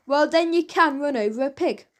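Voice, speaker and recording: A grumpy crook who snaps at everyone, played by a woman reading aloud. Curt and irritable storybook henchman, pitched high. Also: normal speed, a bit bright. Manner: snappish, irritable. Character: grumpy snapping male henchman.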